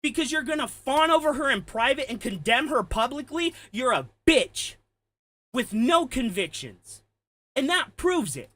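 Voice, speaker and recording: A man delivering an angry, profane ranting commentary, heated and shouting at times. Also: extremely high pitch, sing-song, measured pace, no room sound. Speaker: commentary streamer.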